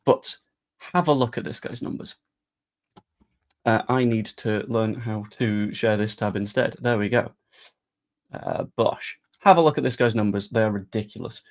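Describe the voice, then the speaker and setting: A man's voice: fairly low pitch, moderate pace. A man talking casually about football transfers, chatty and sarcastic. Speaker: football fan vlogger. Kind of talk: casual live-stream chat.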